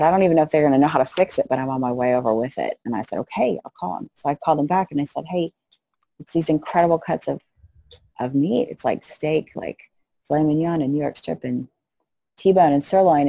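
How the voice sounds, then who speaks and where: A middle-aged woman, appearing as a missionary guest in an interview, tells stories animatedly and acts out the voices of the people she quotes. Her voice is low-pitched and creaky, her pace brisk, and the recording has no echo.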